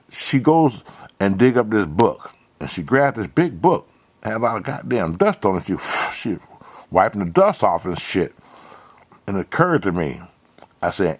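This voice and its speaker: A man's voice: sits low, big pitch swings, moderate pace, breathy edge. A middle-aged man, telling a long personal story with lots of swearing and repetition. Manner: profane, repetitive, emphatic. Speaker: channel host. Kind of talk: storytelling monologue.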